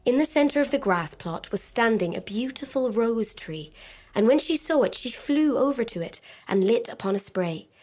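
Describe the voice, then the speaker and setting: A woman narrating a fairy tale in a gentle, measured storybook reading. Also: a little high, animated. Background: faint music.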